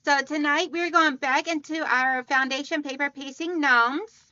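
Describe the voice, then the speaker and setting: This quilting livestream host speaks from home in a high, bright voice, steady and at a measured pace, greeting viewers by name and calling them hon. Her voice is captured dry and close with no echo, slightly dull up top.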